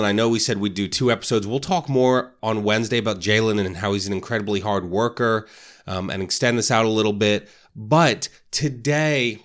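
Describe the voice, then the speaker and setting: A man's voice: fairly low pitch, fairly bright tone. Man giving casual motivational talk. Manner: casual, keeps asking "right?". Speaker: real estate podcast host.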